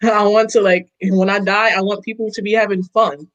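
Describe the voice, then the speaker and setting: A woman's voice: mid-range voice, flat delivery, brisk, fairly bright tone, dull audio. A young woman co-hosting a casual podcast chat, talking in an emphatic, profane way and laughing often. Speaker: podcast co-host.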